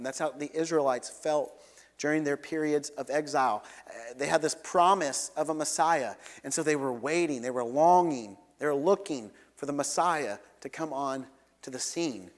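Earnest preacher in a reverberant hall. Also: male voice, on the high side, normal speed. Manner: earnest, rises and falls between loud and soft, leads congregation in repeating. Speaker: pastor. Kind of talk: sermon.

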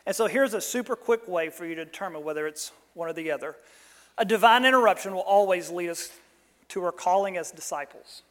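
In a sermon, a male pastor who sounds to be in his thirties shares a personal story. His delivery is animated and sits high, jumping loud on quoted lines, with a big-room sound.

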